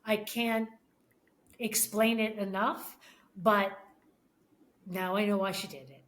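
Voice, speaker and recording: A middle-aged woman, a podcast guest, telling a personal story with many restarts and pauses, often emotional. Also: medium pitch, steady tone, fairly bright tone. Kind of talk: casual conversation.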